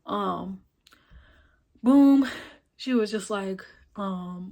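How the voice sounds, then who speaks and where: A young woman vlogging her story in a casual, blunt and profane way. She is animated and acts out the dialogue as she retells it. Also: slow pace, pauses often. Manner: retells scenes with quoted dialogue and filler like "boom, boom, boom".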